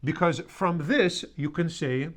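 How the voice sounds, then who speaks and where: A man's voice: a little high, measured pace, a bit bright. Blunt, teasing male language teacher. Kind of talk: classroom lesson with call-and-response drills. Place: classroom.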